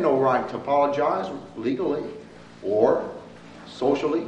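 A man preaching a sermon in a church, swinging between loud, pleading appeals and quiet, soft asides. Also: lively intonation, moderate pace, lo-fi sound, a little hiss or hum. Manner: rises to loud impassioned appeals, then drops low and soft. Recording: echoey room from far off.

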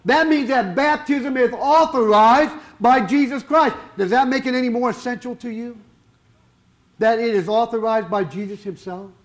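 Guy preaching, really high voice, keeps asking questions, slows way down on the key words. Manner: rhetorical questions, emphatic, drawn-out stressed words. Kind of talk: sermon.

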